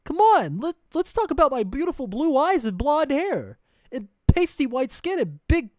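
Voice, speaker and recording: A man's voice: very high voice, sing-song, normal speed, no echo, clean studio sound, pitched above the performer's own voice. A man voicing a creepy grown man who poses as a friendly schoolboy, in a mocking, wheedling sing-song.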